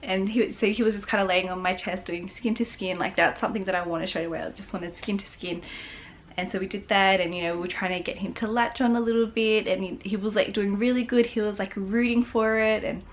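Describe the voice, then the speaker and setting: A woman's voice: mid-range voice, fairly even intonation, a little fast, a little hiss or hum. A young woman vlogger chatting casually and emotionally, rambling with lots of fillers. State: tearful. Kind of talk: casual chat.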